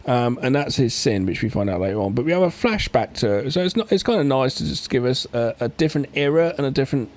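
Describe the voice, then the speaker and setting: A man's voice: medium pitch, expressive, quick pace, few pauses. A man talks casually about a film on a podcast. He often stops to restart his sentences and fills the gaps with filler words. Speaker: podcast co-host. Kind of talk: casual film recap chat.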